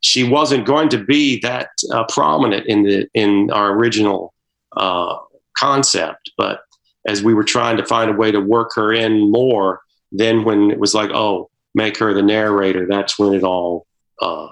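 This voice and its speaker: Man, low voice, co-director type, hesitant and thoughtful in interview. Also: fairly even intonation, vocal fry, a bit bright, poor audio. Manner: halting, many fillers and restarts. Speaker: documentary filmmaker. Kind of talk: interview answer.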